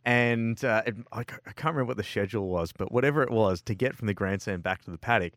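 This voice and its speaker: A man's voice: lowish voice, quick pace, fairly bright tone, no echo, clean studio sound. A man co-hosting a casual motorsport chat, rambling with lots of filler words and laughing at his own stories. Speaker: co-host.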